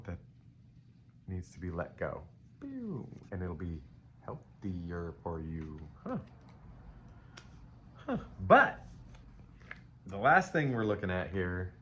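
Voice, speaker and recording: A man's voice: low voice, a bit bright. Laid-back man doing a rambling tarot reading. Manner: rambling, playful, upbeat, talks to viewers as baby. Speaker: tarot reader. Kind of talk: casual live tarot reading. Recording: faint ambient noise.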